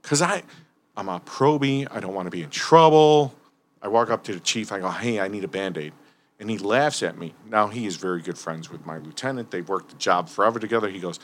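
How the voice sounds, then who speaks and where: A man's voice: fairly low pitch, a little fast. A man telling firefighting stories in casual, profane chat, acting out what people said. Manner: animated, profane, acts out quotes.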